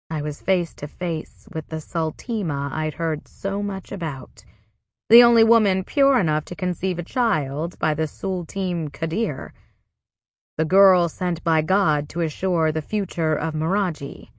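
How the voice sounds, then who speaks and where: A woman narrating a first-person novel in a measured, wry way. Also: fairly low pitch, dry recording. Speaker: audiobook narrator.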